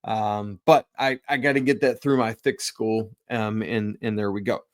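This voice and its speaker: A man's voice: lowish voice, fairly even intonation, normal speed, dry recording, studio quality. Chatty man hosting a sports podcast. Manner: loose, chatty, self-deprecating asides. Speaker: podcast host. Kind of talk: casual sports talk.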